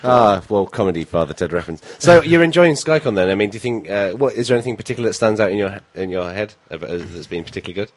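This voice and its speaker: Husky, fast-talking joking man. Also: on the low side, lively intonation. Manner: joking, sweary banter. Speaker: podcast co-host. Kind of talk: casual chat. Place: conference venue.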